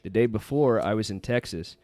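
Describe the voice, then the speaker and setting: A man's voice: lowish voice, animated, fairly quick, a little mellow, no room sound. A man, a podcast guest, telling a rambling story in casual chat.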